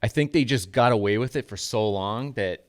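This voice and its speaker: Deep-voiced man telling a profane story. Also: normal speed. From New England. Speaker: podcast co-host. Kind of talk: casual storytelling.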